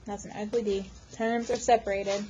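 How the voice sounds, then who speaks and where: A woman math teacher lecturing her class, firing off quick questions to the students. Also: mid-range voice, level tone, warm tone, muffled recording, a little hiss or hum.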